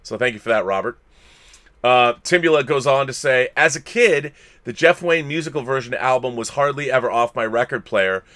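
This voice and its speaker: A middle-aged man co-hosts a casual live stream in a chatty, easygoing way. He reads viewer messages aloud and adds his own comments. His voice sits at an ordinary pitch for a man. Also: moderate pace, a bit bright. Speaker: co-host reading viewer tips.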